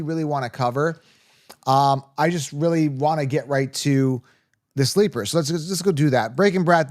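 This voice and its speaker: Excitable fantasy football host. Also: male voice, on the high side, no echo, clean studio sound. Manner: excitable, emphatic, repeats himself. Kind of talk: live-stream chat, reading comments.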